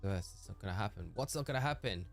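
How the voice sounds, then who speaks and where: Chatting with viewers while he games, this north-east English streamer speaks in a lowish voice with an unmistakable northeastern accent. His delivery is expressive and rapid-fire, with vocal fry, frequent laughter, and replies to people by name. Soft, faint music sits behind him.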